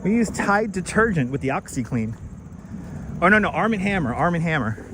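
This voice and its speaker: A chatty man with a slightly high voice hosts a live stream as he walks outdoors through city streets and a park. He reads out and thanks viewers' comments in a relaxed, easygoing way. He speaks into a clip-on mic, with faint traffic behind him. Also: brisk. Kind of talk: casual live-stream walking tour chat. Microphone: wireless clip-on mic.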